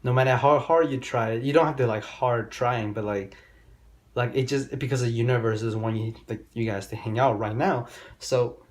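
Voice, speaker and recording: A man's voice: medium pitch, steady tone, moderate pace. A young man vlogging dating advice in a loose, rambling, profane storytelling manner with loose grammar. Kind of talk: casual storytelling monologue.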